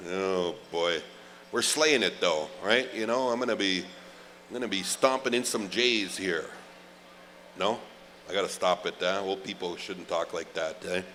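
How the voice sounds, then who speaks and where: This powwow emcee is a middle-aged man whose deep, bright voice comes across forceful and unhurried. Calling names in a long, drawn-out way, he keeps the live announcing loose and jokey, carried by an echoing arena sound system.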